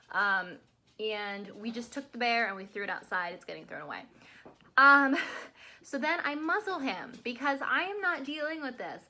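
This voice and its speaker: A woman's voice: a little high, bright, forceful tone. A young woman telling a rambling, chatty story-time vlog, sounding tired and full of fillers. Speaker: vlogger.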